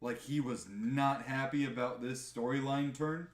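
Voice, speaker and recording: A man on a live podcast, chatting casually in a profane, animated rant. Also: mid-range voice, unhurried, roomy sound. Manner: animated, profane ranting with mocking impressions. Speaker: podcast co-host.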